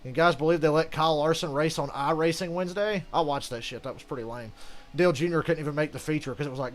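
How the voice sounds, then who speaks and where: A man's voice: on the high side, fast talker. A man giving casual, rambling gameplay commentary as a channel host, ranting and swearing freely.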